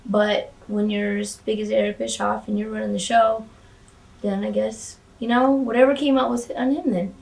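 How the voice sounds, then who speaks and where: A woman speaks in a candid, casual interview, her voice gravelly with creak. She talks in halting bursts, restarting sentences and swearing freely. She sits a little back from the microphone. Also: medium pitch, little pitch movement, darkish tone, far from the mic. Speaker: former wrestling valet, interview guest.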